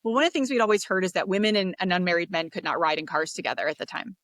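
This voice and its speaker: Lively woman telling stories. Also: fairly low pitch, very fast, no room sound. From United States. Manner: animated storyteller, acts out quoted voices. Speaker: podcast guest. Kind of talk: storytelling in an interview.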